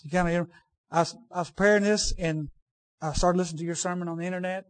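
A man with a notably high-pitched voice delivers a sermon to his congregation. He talks in a plain, conversational way, often restarting sentences and repeating key phrases for emphasis. He slips into folksy asides addressed to people in the room. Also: steady tone, quick pace. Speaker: preacher.

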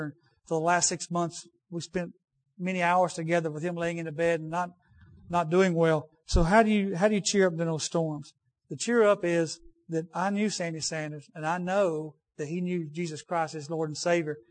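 A man with a fairly high voice preaches a sermon in a conversational style. He repeats key phrases for emphasis and drifts into folksy asides with the congregation.

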